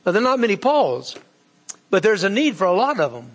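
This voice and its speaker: A man delivers a sermon with a folksy, earnest manner. His voice sits notably high. It carries a long, lingering hall reverb. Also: very animated, brisk. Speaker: preacher.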